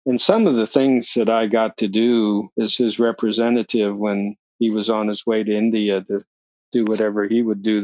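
An older man with a lowish voice, recorded with no echo and the highs cut off, is a podcast guest telling long stories in a casual interview. He's an animated storyteller who acts out the voices of the people he quotes and laughs often.

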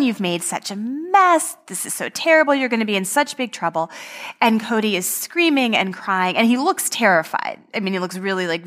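A woman speaking as a guest author on a podcast, explaining parents' legal rights in a clear, measured way full of legal terms. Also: lowish voice, a bit bright. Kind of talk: explanatory talk on law. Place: recorded live in a forum room.

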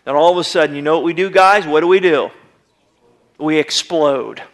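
High-voiced pastor preaching conversationally. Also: male voice, moderate pace. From United States. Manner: conversational preaching, acts out little quoted voices. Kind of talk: sermon. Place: church sanctuary.

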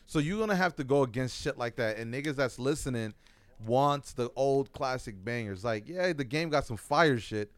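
Smooth-voiced young man in casual chat. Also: mid-range voice, expressive, moderate pace, no room sound. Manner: loose, profane, laughs often. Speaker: podcast co-host.

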